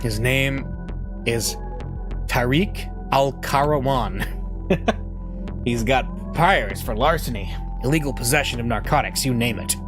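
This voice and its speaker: A man voicing a calm middle-aged male police director giving a measured, businesslike briefing. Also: mid-range voice, close to an everyday voice. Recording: voice over game music.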